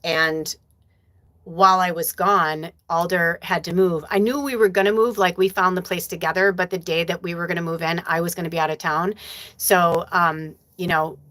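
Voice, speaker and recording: A woman in her forties hosting a live stream as a spiritual medium, talking to her viewers in a loose, chatty way. Her voice sits a bit low, and she swears freely and fills her sentences with "like" and "you know.". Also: fairly even intonation, normal speed, sharp tone. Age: 40s. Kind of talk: casual storytelling to viewers.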